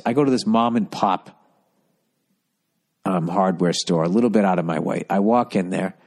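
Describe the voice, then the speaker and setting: Man, deep voice, podcast host, swearing, rambling, exasperated rant. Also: normal speed, long pauses, a little mellow. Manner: storytelling with voiced asides.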